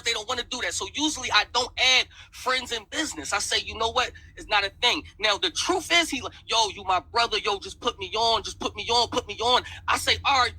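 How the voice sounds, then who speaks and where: A man's voice: very high-pitched, pushed and bright, husky, poor audio. A man heatedly retelling an argument, repeating "I said" as he goes. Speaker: battle rap league owner. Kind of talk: heated storytelling in an interview.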